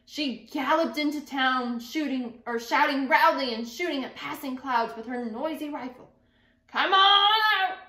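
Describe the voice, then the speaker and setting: A woman teacher with a bright, fairly high voice reads a children's book aloud. She stops to think out loud about what she pictures. The room is echoey. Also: moderate pace, few pauses. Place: classroom.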